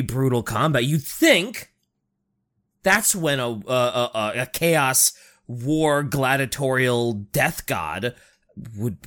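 A man in casual chat about game lore, animated, laughing often and asking questions. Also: medium pitch.

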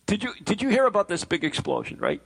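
Raspy, animated man co-hosting a chat. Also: high-pitched, fast talker. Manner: rambling, teasing, stumbles over words. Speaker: podcast co-host. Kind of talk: casual chat. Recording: voice breaking up over an online call.

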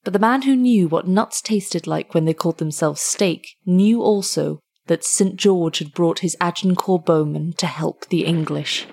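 A woman narrating a story in a measured, scripted storytelling delivery. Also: lowish voice, gravelly, darkish tone, slightly rough.

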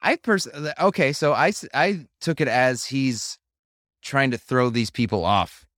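A man's voice: medium pitch, unhurried, fairly bright tone, no echo, clean studio sound. A man co-hosting a casual podcast chat, laid-back, laughing along and answering briefly. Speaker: podcast co-host. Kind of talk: casual chat about a film.

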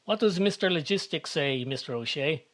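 A man voicing a sly, scheming fixer with a knowing, smooth manner. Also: a little high, lively intonation, normal speed, a bit bright.

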